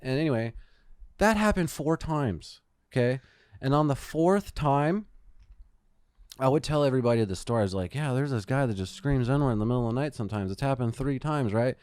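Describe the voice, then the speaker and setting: A man's voice: mid-range voice, lively intonation, fairly quick, a little mellow, smooth, dry recording. A man co-hosting a podcast, telling rambling, profane stories in casual chat. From Phoenix, Arizona. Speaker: podcast co-host.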